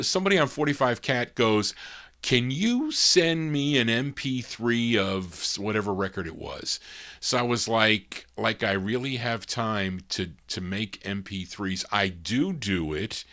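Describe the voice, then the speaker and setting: Middle-aged male DJ host, low-ish voice, casual rambling chatter at a home mic. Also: fairly bright tone. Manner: chatty, rambling asides with fillers. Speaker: radio-style DJ host. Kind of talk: casual live-stream DJ chat.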